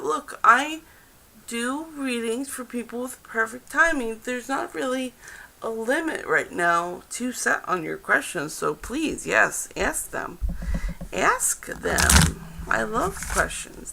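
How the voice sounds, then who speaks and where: A woman hosts a live tarot reading, talking straight to her viewers and addressing the cards as she goes. Her voice sits a little high and has a bright, sharp edge. She speaks slowly and without hurry. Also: gravelly, rough recording. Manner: chatty, talks directly to viewers and the cards. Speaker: tarot reader and stream host. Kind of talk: live-streamed tarot reading, casual chat.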